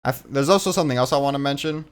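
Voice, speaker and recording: A man's voice: mid-range voice, very fast, clear, resonant tone. A man in a casual fan discussion, talking animatedly with lots of fillers and casual swearing.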